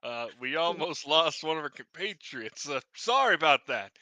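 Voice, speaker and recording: A man voices a jumpy adventurer in a tabletop game who keeps apologizing. The voice is high and very bright. He sounds nervous and eager to smooth things over. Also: lively intonation, normal speed, dry recording. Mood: apologetic.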